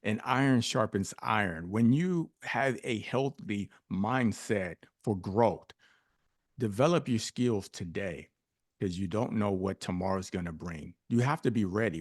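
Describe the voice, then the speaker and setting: A man's voice: lowish voice, unhurried, no room sound, studio quality. A middle-aged man, a podcast guest, telling a personal story emphatically with rhetorical questions.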